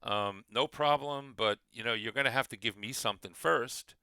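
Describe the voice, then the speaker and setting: A man's voice: mid-range voice, normal speed, gravelly, sharp tone, clean tone, dry recording, pitched above the performer's own voice. A man voicing a mischievous male leprechaun in a tabletop game, cheerful and wheedling as he bargains. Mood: cheerful bargaining. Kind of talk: game master voicing a character.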